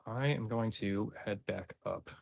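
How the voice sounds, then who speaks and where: Man, tabletop player, hesitant, lowish voice, dull muffled mic. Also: unhurried, gravelly, dry recording. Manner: hesitant, describing actions with fillers. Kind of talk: casual tabletop play.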